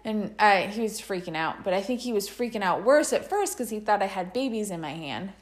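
A woman's voice: medium pitch, expressive, a little fast. A woman in her thirties casually telling a story in a chat, often laughing as she talks.

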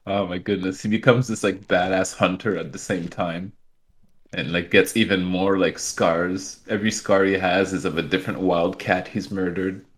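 A man's voice: deep voice, steady tone, normal speed. A young man chatting casually, rambling and joking with lots of fillers. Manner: rambling, jokey, filler-heavy. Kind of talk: casual chat.

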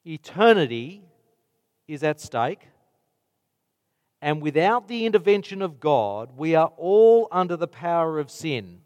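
A man with a high voice preaches a sermon at an unhurried pace, setting his words apart with weighty pauses. A long hall reverb trails behind his voice. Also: very animated, darkish tone.

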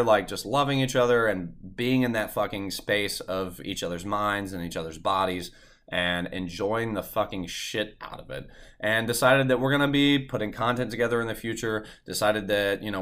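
A young man hosting his podcast, telling a personal story in a casual, animated way and swearing constantly. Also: mid-range voice. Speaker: podcast host.

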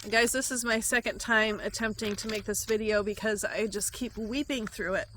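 A woman sharing a devotional message of prayer and prophecy, speaking in an earnest, tender, emotional way with soft pauses. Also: medium pitch, fairly even intonation, a little hiss or hum, poor audio. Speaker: Christian prophetic vlogger.

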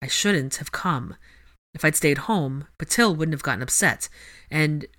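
A woman voicing a young wizard full of guilt who speaks low and subdued. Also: expressive, measured pace, fairly bright tone. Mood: ashamed. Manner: low, subdued, self-blaming.

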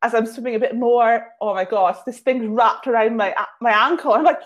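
A woman's voice: fairly high pitch, normal speed, dull audio. A woman guest telling casual, self-mocking anecdotes, full of filler words. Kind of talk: casual storytelling.

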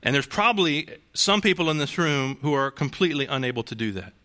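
A man preaches a sermon in a bright, forceful voice that sits a little high for a man. He talks to the congregation conversationally, tossing out rhetorical questions and restarting phrases as he goes. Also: animated, fast talker. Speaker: pastor.

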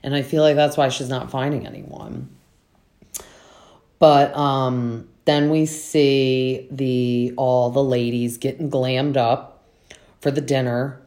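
Casual podcast recap, talkative, opinionated, filler-heavy, mid-pitched voice. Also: level tone, takes it slowly, a little mellow. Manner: chatty and opinionated, with many "like" fillers. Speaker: podcast host recapping reality TV. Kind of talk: casual chat.

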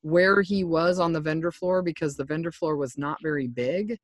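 Guy rambling on a podcast, kinda higher voice, laughs a lot, dry close mic. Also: normal speed, no echo. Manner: rambling, chatty, laughs often. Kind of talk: casual chat.

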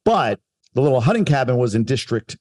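A man from Long Island talks about his childhood in a relaxed podcast chat. His tone is reflective and self-deprecating. His voice sits at a middle pitch. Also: fairly quick. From Long Island, New York. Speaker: guest telling his life story. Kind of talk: casual podcast conversation.

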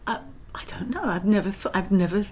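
Here a Londoner, an actress, rattles off anecdotes quickly in a medium-pitched voice. The interview is casual, and she brings quoted lines to life by acting them out.

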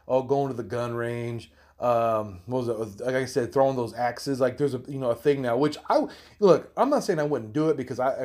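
A young man ranting hotly and profanely, stumbling over repeated words and jumping up in pitch when he gets worked up. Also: a little mellow. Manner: heated, swearing, repeating himself, rising pitch when worked up.

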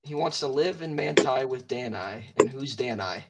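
A teenage boy in casual chat with friends, reacting loudly and laughing easily. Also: mid-range voice, animated, moderate pace, vocal fry, over a noisy crowd. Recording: noisy home recording.

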